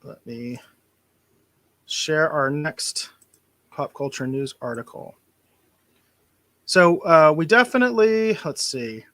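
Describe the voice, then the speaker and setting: A man hosting a casual podcast chat, animated and opinionated, with big swings in loudness. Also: on the high side, slow, long pauses, no echo. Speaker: podcast host.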